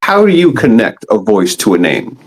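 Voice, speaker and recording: A man's voice: on the low side, huge pitch swings, normal speed, poor audio. Encouraging male interview host. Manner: encouraging, affirming. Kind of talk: casual interview.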